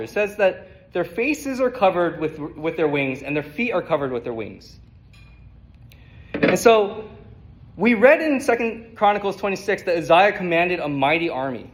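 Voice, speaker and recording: Guy preaching a verse-by-verse sermon, highish voice, slow and emphatic, repeats himself a bit. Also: low-quality recording. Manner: measured, emphatic, repeats words while thinking. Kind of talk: expository sermon.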